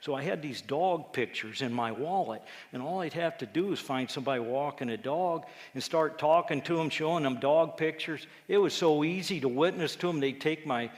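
A man, a lay preacher telling a personal testimony story, acting out quotes with lively jumps in his voice. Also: on the high side, normal speed, hardly any pauses. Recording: echoey hall with long reverb.

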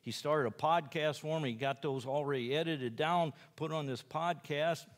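A man's voice: fairly high pitch, moderate pace, big-room sound. A man who preaches in jails tells his personal testimony in a folksy, rambling way, acting out the lines of other people. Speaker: jail preacher.

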